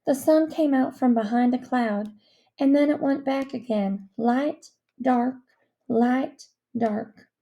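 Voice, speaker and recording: A woman narrating a children's novel aloud in a measured, expressive way. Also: sits high, dull audio. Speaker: audiobook reader. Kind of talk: storybook narration.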